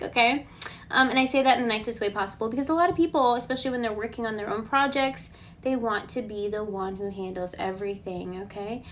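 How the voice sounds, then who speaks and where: A woman with a slightly high voice gives a casual group tarot reading. She talks in a relaxed, reassuring way and keeps checking in with a questioning "okay?" A faint hum of noise sits under her voice. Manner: chatty, ends points with a questioning "okay?"; relaxed and reassuring, thinks aloud with fillers. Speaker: tarot card reader.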